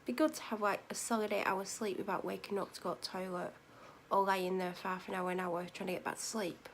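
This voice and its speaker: A woman rambles through a casual vlog, tired and unhurried. Her voice has a gravelly, creaky edge at a middle pitch, and she often corrects herself mid-sentence. Now and then she sinks to a near-whisper. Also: fairly even intonation, a little hiss or hum. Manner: meandering, self-correcting, drops to near-whispers at times. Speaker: vlogger.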